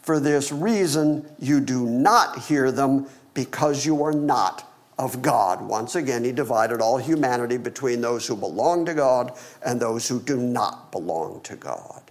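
A male pastor preaching a sermon, with wry asides and dramatic swings in pitch, dropping low for emphasis. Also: expressive, unhurried.

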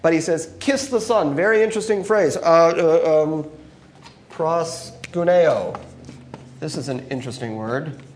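A man teaching a Bible passage as a sermon, expressive, swinging between loud emphasis and hushed asides. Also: fairly high pitch, normal speed, hardly any pauses, a little hiss or hum.

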